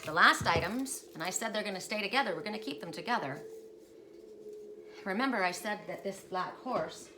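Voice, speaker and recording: Reading oracle cards in a casual spiritual session, a woman chats and rambles, often restarting her sentences. Her mid-range voice is expressive and moves at a normal speed, with music playing behind her in a noisy home recording.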